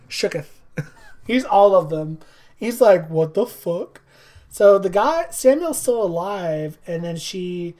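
Animated woman retelling a movie scene. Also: fairly low pitch. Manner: animated storytelling, acts out characters, laughs often. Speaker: podcast co-host recapping a movie. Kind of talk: casual chat.

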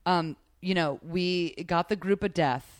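A woman comedian hosting a casual chat, telling an animated, excitable story with many restarts. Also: fairly low pitch, a little slow, dry recording, clean studio sound. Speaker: comedian podcast host.

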